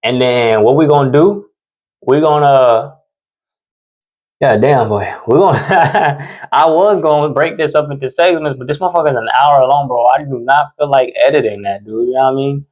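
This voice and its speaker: A man's voice: mid-range voice, moderate pace. A man hosting his own podcast, talking casually in slang and swearing freely as he tells personal stories. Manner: profane, slangy, animated. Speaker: podcast host. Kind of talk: casual commentary and storytelling.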